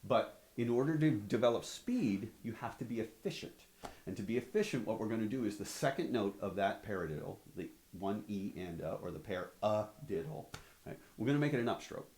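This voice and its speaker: With a fairly low pitch, lively intonation and a slightly mellow quality, a man briskly teaches drum stick strokes. He keeps it practical and conversational, counting beats and often asking "right?" The recording is reverberant, with drums and clicks behind his voice in this instructional demonstration.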